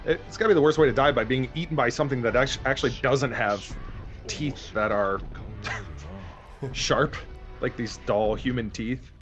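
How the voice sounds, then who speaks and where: Soft music plays behind this man, whose mid-range voice is a little bright and moves at a normal pace. As an anime reaction host watching a show for the first time, he gives casual commentary, thinking out loud and laughing often.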